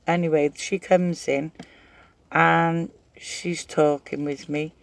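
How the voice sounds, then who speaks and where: Chatty high-voiced gravelly man. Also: little pitch movement, slow, no room sound. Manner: chatty, rambling, laughs while telling stories. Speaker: craft vlogger. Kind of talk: casual storytelling.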